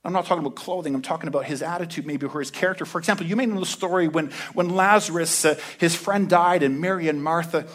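A man preaching a casual sermon as pastor, talking in a laid-back, slangy way with lively storytelling. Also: on the high side, fast talker, hardly any pauses.

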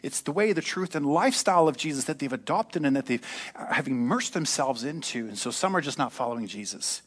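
A pastor delivering a sermon at a church service in a conversational style, slipping in joking asides. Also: male voice, mid-range voice, lively intonation, brisk, a bit bright.

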